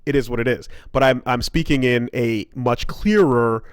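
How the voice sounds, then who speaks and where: A man's voice: medium pitch, normal speed, smooth, no room sound, clean studio sound. A man from Quebec with a Quebec English accent, chatting as a podcast co-host, rambling with lots of fillers and restarts. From Quebec, Canada. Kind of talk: casual chat.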